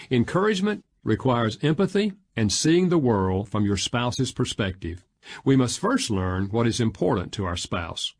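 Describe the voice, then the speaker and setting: A man narrating an audiobook in a measured, expressive reading style. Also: medium pitch, slightly rough.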